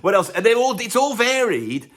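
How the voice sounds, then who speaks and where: A man's voice: very high voice, very animated, normal speed, fairly bright tone. A man from the UK hosting a music video, rambling sarcastically in a comic monologue to camera. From United Kingdom. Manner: sarcastic, rambling, self-interrupting.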